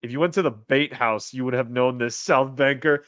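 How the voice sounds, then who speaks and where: A man hosting a casual livestream, reading chat aloud and rambling, with restarts and sudden excited jumps in pitch. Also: moderate pace, no echo. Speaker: streamer host reading chat.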